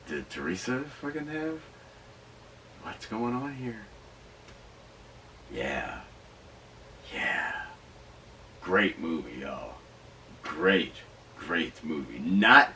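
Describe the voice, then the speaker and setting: An excitable man hosts a casual podcast, his low voice pushing hard as he rambles and swears through asides. He sits back from the mic, with a faint hiss underneath. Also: takes it slowly, long pauses, distant mic, low-quality recording. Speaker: podcast host reviewing movies. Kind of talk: casual riffing commentary.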